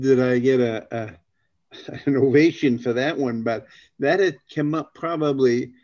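Gravelly Boston man telling stories. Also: mid-range voice, a little mellow, lo-fi sound. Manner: rambling, repeats words, storytelling. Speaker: business leader on a panel. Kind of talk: panel discussion storytelling.

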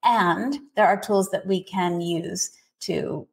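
A woman parenting coach answering interview questions in a steady, explanatory way, with frequent casual fillers. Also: lowish voice, slow pace, vocal fry. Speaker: autism parenting coach, guest.

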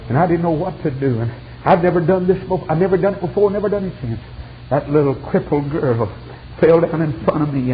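A man preaching as an evangelist, telling a story with dramatic swings of pitch and sudden shouted peaks. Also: a little fast. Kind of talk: storytelling sermon. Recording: dull lo-fi archival sermon tape with faint hiss.

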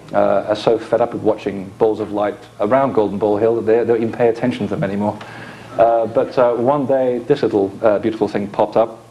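A man's voice: mid-range voice, warm tone. A man giving an informal conference lecture with slides, explaining with dry asides into a microphone in a lecture hall.

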